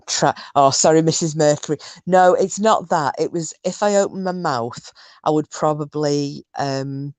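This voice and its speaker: A woman's voice: low-pitched, darkish tone, no echo. A woman from Scotland chatting casually on a livestream, rambling and answering viewers' comments. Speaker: livestream host. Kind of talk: casual chat with live chat viewers.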